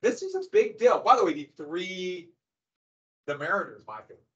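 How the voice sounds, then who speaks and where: A middle-aged man gives a classroom lecture in a loose, conversational way, tossing in dry sarcastic asides. His voice sits slightly high. The recording is a little dull and lo-fi, as if captured in the room. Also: wildly swooping pitch, moderate pace. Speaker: high school history teacher.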